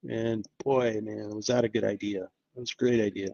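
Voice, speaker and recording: A man's voice: on the low side, steady tone, normal speed, creaky, dark tone, dry recording, muffled recording. A man hosting an investing live stream, talking casually and upbeat, thinking aloud with lots of fillers. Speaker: investing channel host.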